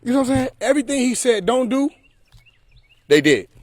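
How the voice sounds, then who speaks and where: A man's voice: very high voice, big pitch swings, a little fast, no room sound. A man hosting a casual livestream monologue, emphatic and preachy, firing off rhetorical questions and laughing often, recorded on a phone. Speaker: livestream host.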